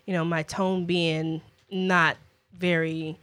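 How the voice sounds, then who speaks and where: A middle-aged woman co-hosting a casual podcast chat about parenting and relationships, reflective and quick to laugh. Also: lowish voice, flat delivery, fairly bright tone, no room sound. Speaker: podcast co-host.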